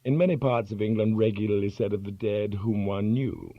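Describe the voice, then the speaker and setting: A man narrating an audiobook, reading a dictionary entry in a measured, careful way. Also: on the low side, no room sound. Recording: dull lo-fi recording.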